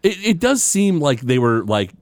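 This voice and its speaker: Guy chatting on a podcast, swings his pitch all over, dry close sound, tons of "like"s. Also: normal speed, no room sound. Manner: animated, many fillers, acts out quotes in raised voices. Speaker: podcast co-host. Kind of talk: casual chat recapping an episode.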